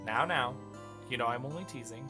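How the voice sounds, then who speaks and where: A streamer reading a calm, caring big-sister lawyer. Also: medium pitch, fairly quick, lightly acted. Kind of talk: reading game dialogue aloud. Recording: game music underneath.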